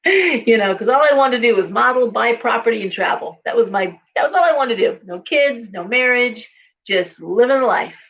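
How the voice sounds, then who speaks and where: A woman's voice: on the high side, animated, normal speed, creaky, lo-fi sound. A woman in her forties talking casually, a chatty storyteller who acts out the voices she quotes. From California. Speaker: psychic shop owner and host. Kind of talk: casual talk to camera.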